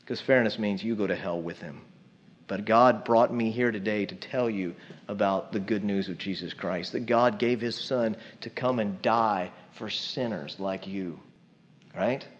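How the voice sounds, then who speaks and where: A man's voice: lowish voice, unhurried, muffled recording. A man preaching a sermon in a conversational way, often asking the congregation questions. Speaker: pastor.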